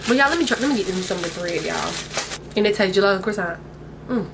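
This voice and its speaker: A woman's voice: mid-range voice, expressive, quick pace, vocal fry, background noise. A young woman, chatting casually to her viewers at home about her groceries and calling them y'all. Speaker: vlogger. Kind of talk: casual grocery haul chat. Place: at home, indoors. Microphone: camera mic.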